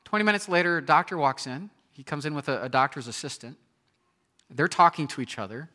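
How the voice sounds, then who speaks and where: A man in his thirties preaching a sermon, telling a personal story with animated storytelling and acting out scenes with sudden loud outbursts. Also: fairly high pitch, a little fast. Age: 30s. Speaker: pastor.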